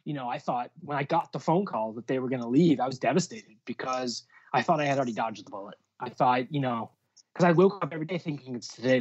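A man's voice: mid-range voice, darkish tone. Rambling man with dull lo-fi sound. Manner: rambling, many fillers and restarts. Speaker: music booking agent guest. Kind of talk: casual interview storytelling.

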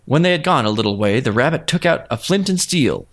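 A man narrating a storybook folk tale in a steady, expressive storytelling manner. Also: mid-range voice, a little fast.

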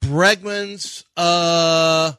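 A man co-hosting sports radio, breaking down pitching in an analytical way. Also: fairly even intonation, drawn-out words, sharp tone, clean tone, dry recording. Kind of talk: casual sports talk.

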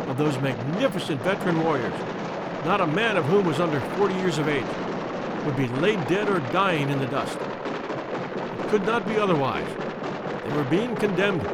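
A man narrates an adventure story in the first person. His reading is measured and expressive, and his voice sits a little higher than most men's. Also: very noisy. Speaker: audiobook narrator.

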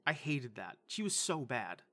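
A man's voice: mid-range voice, very animated, moderate pace, pushed and bright. A man co-hosting a casual movie review chat, blunt, profane and enthusiastic. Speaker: podcast co-host reviewing movies.

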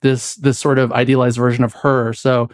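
A mid-pitched man tells a long personal story on a podcast, circling back with restarts and filler words. His voice sits close and dry on the mic, with no room sound around it. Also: flat delivery, moderate pace, dry recording. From United States. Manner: rambling, many likes and restarts. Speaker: podcast guest. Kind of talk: casual storytelling chat.

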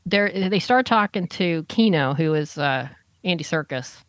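A woman's voice: lowish voice, lively intonation, measured pace, dry recording. A woman hosting a casual podcast chat, recapping an episode in a rambling way with many fillers and restarts.

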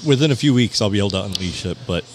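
A man's voice: lowish voice, lively intonation, rapid-fire, a little mellow, slight background noise. A man hosting a casual podcast, laid-back and teasing his co-host in a dry way.

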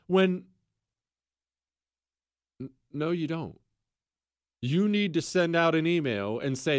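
A man's voice: on the high side, lively intonation, normal speed, pauses often, no room sound, clean studio sound. A man hosting a talk show, rambling in a casual, sarcastic way and breaking into laughter. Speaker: radio talk show host. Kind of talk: casual talk radio monologue.

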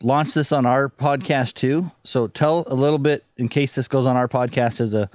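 Dry, animated male storyteller. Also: mid-range voice, moderate pace, no room sound. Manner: animated storyteller, acts out voices in anecdotes. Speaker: podcast guest. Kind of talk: casual podcast chat.

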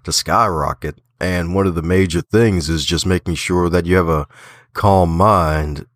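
Deep-voiced upbeat man with slight Southern twang. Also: fairly even intonation, a little slow, dry recording, clean studio sound. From Baltimore. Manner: upbeat, laughs often, folksy asides. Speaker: guest author and podcaster. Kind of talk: casual interview talk.

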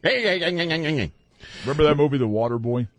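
A man as a talk radio co-host, teasing and wry in quick banter. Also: on the high side, expressive, no echo.

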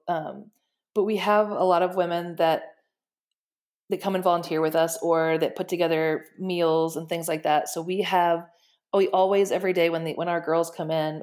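A woman guest in casual interview chat, telling stories in an animated, excited way. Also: lowish voice. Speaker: guest, shelter director.

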